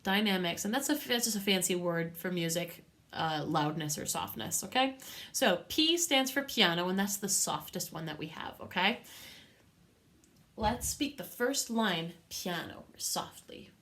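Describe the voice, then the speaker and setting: Bright-voiced encouraging music teacher woman. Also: fairly low pitch, lively intonation, unhurried. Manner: patient, encouraging, sing-song teacher talk. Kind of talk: recorded music lesson for young children.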